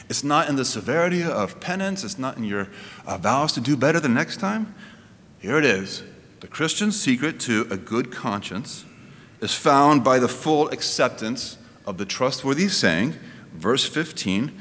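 Man preaching in an echoing church hall. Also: fairly bright tone. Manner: conversational preaching, rises and falls in pitch, frequent restarts. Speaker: pastor. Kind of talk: sermon.

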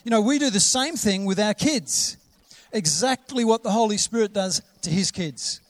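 A man preaching a sermon, quoting scripture with rising emphasis and sometimes dropping to a soft whisper. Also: high voice, lively intonation, normal speed. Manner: drops to a soft whisper to act out a gentle voice.

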